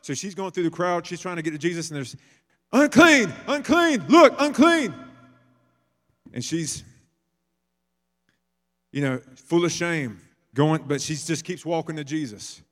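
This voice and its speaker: A man's voice: fairly high pitch, normal speed, long pauses. Conversational male preacher. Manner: conversational storytelling, acts out voices. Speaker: pastor. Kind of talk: sermon.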